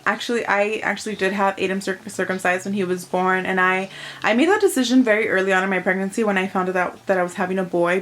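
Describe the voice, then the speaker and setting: A woman's voice: mid-range voice, fairly bright tone. A young woman vlogging to camera as a mom, retelling a personal experience in a chatty, emotional way, with lots of fillers. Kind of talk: casual vlog monologue.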